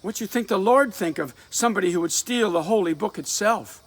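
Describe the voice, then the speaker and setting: A man's voice: high-pitched, animated, fairly quick, voice pushed up. A man voicing an anxious young woman who scolds and fears for her sweetheart, in a dramatic reading of a play with rural dialect. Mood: urgent, scolding.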